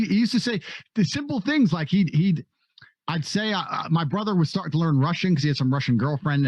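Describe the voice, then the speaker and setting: A man talking reflectively as a podcast guest, halting and restarting, swearing casually now and then. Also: medium pitch, dry recording, dull audio.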